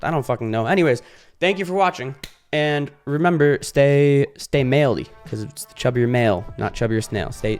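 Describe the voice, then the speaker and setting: A male YouTuber talking in a casual vlog monologue, animated, swearing freely and acting out little scenes. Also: mid-range voice.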